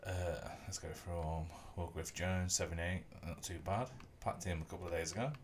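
A man with a deep voice and some vocal fry talks at normal speed through a rugby video game on his stream. He's relaxed and rambling, hums to himself, and there's a little hiss or hum in the audio.

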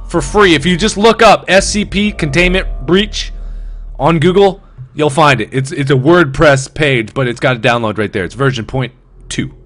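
A man giving live commentary on a horror game, talking to his viewers, swinging between frightened outbursts and hushed muttering. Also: fairly high pitch. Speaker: gaming host.

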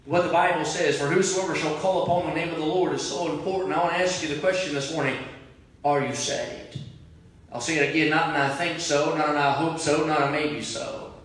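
A man preaching a sermon as pastor, moving between prayer and loud impassioned cries. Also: on the high side, steady tone, fast, hardly any pauses. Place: large church sanctuary. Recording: very echoey church from a distant mic.

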